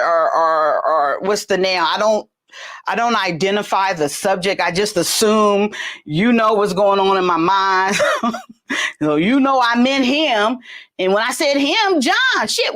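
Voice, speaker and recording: A middle-aged woman with a Southern accent hosting a casual livestream, chatty and laughing often, with sudden jumps in pitch. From California. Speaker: livestream host.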